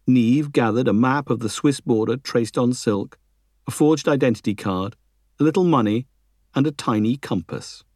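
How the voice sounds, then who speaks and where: A man reading a history book aloud as a narrator, measured and lifting his pitch for emphasis. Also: a little mellow, no echo, studio quality. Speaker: audiobook narrator.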